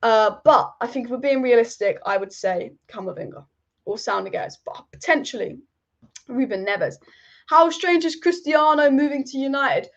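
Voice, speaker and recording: A woman with a high voice hosts a live football stream. She rambles with strong opinions and repeats her points for emphasis, and the audio is dull and lo-fi. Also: lively intonation, moderate pace. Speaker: football channel host. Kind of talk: live-stream football chat reading viewer comments.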